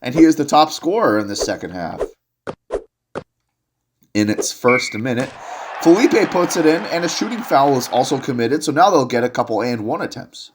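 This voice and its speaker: A young man doing solo play-by-play commentary on a video game basketball match, excitable and jokey, rising to shouts on big plays. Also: medium pitch, moderate pace, noisy background.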